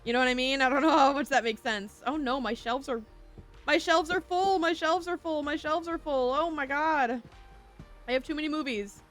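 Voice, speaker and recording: A woman's voice: high-pitched, moderate pace, a bit bright. A young woman streaming a shop game, chatting casually and giggly, reading chat aloud and slipping into a playful whiny voice. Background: game music.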